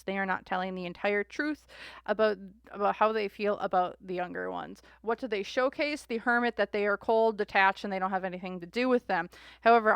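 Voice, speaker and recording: A woman's voice: mid-range voice, gravelly, clean tone, no echo, studio quality. A young woman, reading tarot cards casually to camera and acting out imagined quotes with casual swearing. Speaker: tarot reader.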